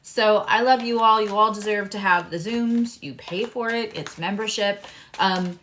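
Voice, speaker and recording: Chatty and outspoken, a woman leads a live tarot and astrology reading, swearing freely and dropping now and then into hushed asides. Her pitch is medium, her pace measured, and a little hiss or hum is audible.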